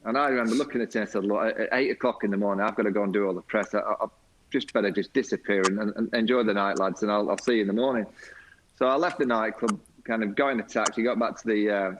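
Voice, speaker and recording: A man's voice: fairly low pitch, quick pace, slight background noise, poor audio. Laughing man telling a story. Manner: lively storyteller, laughs often, mimics teammates. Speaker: former cricket captain guest. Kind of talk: anecdotal storytelling.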